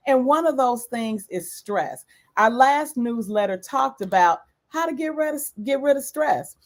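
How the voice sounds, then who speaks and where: A woman's voice: high voice, expressive, unhurried. A woman giving a lecture-style talk on self-care as an educator, repeating key points for emphasis.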